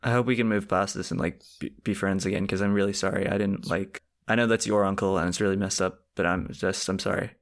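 A man's voice: low-pitched, steady tone, fast, few pauses. A young man co-hosting a comedy podcast, sarcastic and teasing, who slips into absurd mock-apologetic bits. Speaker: podcast co-host. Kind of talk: casual comedic banter.

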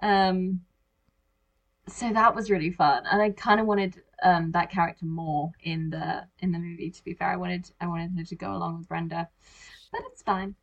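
A woman's voice: lowish voice, fairly even intonation, normal speed, lo-fi sound. A woman in casual conversation about a movie, talking animatedly and acting out her own reactions as little quoted asides.

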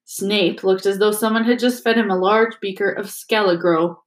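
A woman teacher reads a chapter book aloud in a steady, expressive classroom voice. Her pitch sits at a middle level. The voice rings in an echoey room. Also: normal speed. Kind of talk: storybook read-aloud.

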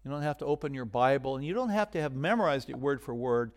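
A male pastor giving a sermon in a conversational way, swinging from loud emphasis down to a near-whisper. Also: medium pitch, lively intonation, fast.

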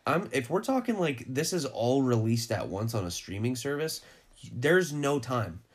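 Laid-back man with a lively voice. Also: medium pitch, moderate pace, breathy edge. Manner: laid-back, swears casually, says "dude". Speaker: podcast host. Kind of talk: casual chat. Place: bedroom, lying in bed.

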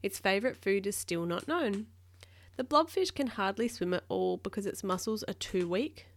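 A woman's voice: mid-range voice, lively intonation, normal speed. A woman reading a storybook aloud to a child, with patient, chatty asides between pages.

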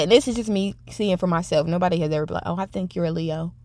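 A woman's voice: fairly low pitch, animated, fast. A young adult woman hosting her own podcast, talking in a chatty, rambling, self-reflective way. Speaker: podcast host. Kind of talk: casual solo podcast monologue.

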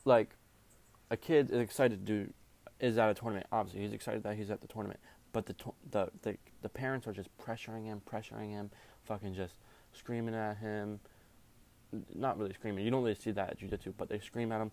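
A man's voice: lowish voice, steady tone, brisk, gravelly, a little mellow. A young man, a jiu-jitsu referee, ranting in a casual, rambling way, full of swearing and slang. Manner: profane, rambling, heavy slang.

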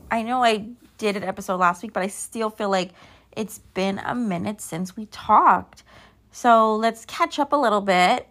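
A woman in her thirties hosts a solo podcast, sleepy and yawning as she rambles casually and drifts off topic. Her voice is medium-pitched and a bit bright.

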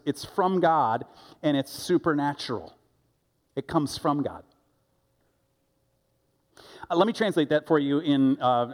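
A middle-aged man preaching a sermon as pastor, talking conversationally with lively asides and quick restarts. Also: medium pitch. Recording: loud music under the voice.

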